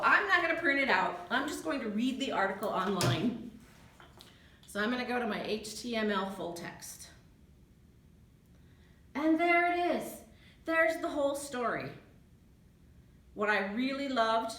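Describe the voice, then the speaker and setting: Chatty librarian woman, lively pitch. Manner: chatty, thinking aloud while clicking. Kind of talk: screen-share tutorial. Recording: echoey room.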